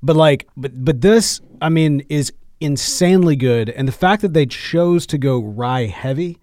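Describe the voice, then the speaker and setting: A man's voice: fairly high pitch, unhurried, a little mellow, dry recording. A man from Mississippi, co-hosting a casual podcast chat and gushing with enthusiasm in a small home studio. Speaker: podcast co-host.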